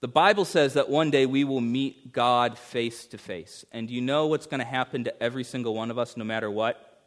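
A man preaching a sermon as pastor, emphatic, swinging between urgent rises and hushed passages. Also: mid-range voice, fairly quick.

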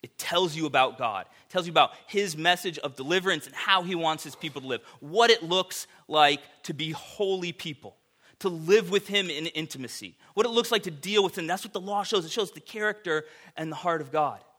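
A man preaching a sermon to his congregation in a conversational, animated way, with casual fillers. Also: fairly high pitch, fairly quick. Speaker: pastor.

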